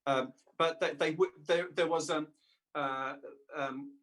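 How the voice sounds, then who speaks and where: Halting man, slightly high voice. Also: fairly even intonation, a bit bright. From England. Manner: halting, many restarts and fillers. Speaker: guest voice actor. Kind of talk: casual interview chat.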